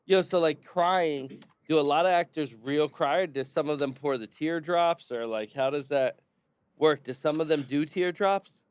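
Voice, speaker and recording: A man's voice: on the high side, normal speed, smooth. A man co-hosting a podcast, slangy and enthusiastic in casual chat. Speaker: podcast co-host.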